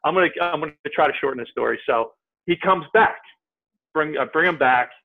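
A man, a podcast guest, telling a story in a casual, animated way and acting out what people said. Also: fairly high pitch, brisk, vocal fry. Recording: tinny phone-like line.

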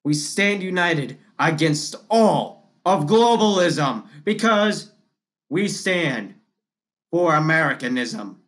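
A man hosting his own podcast. He delivers a political monologue at an unhurried, deliberate pace, hammering the same phrases again and again with combative passion. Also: on the high side, expressive, fairly bright tone. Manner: impassioned, repetitive and combative. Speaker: podcast host.

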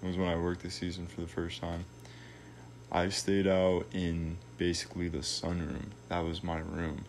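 A man's voice: sits low, monotone, moderate pace, slight background noise. A young man telling a long story in a casual, laid-back way, full of slang and swearing.

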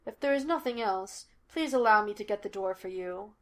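A woman's voice: medium pitch, animated, moderate pace, a bit bright, close to an everyday voice. A woman voicing an evasive male butler who speaks in a dry, formal manner, in a read-aloud story.

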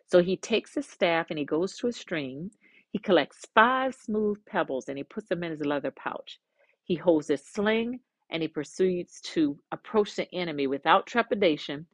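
Animated woman storyteller, dry sound. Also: on the low side, no echo. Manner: animated, with conversational asides. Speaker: podcast host. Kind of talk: storytelling narration.

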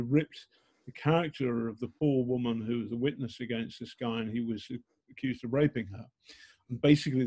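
A man's voice: medium pitch, darkish tone. A man of about sixty with a slight northern English accent, telling candid stories in an interview, blunt and self-mocking with many ums and restarts. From England. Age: 60s. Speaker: journalist guest.

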